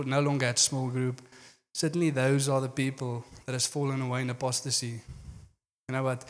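A man's voice: medium pitch, in a large hall. A man preaching a sermon in an earnest manner, often saying "you know".

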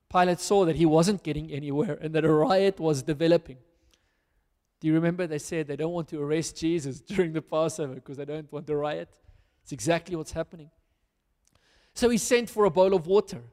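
A man's voice: fairly high pitch, darkish tone, long reverb tail. A man preaching a sermon as a pastor, reading scripture aloud and then applying it earnestly to his listeners.

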